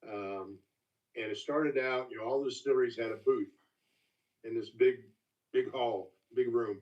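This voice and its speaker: An older man telling stories as a master distiller guest in a casual, folksy, halting way. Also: medium pitch, darkish tone. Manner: folksy, halting, with many restarts. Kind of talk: casual storytelling. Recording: distant, dull lo-fi call audio.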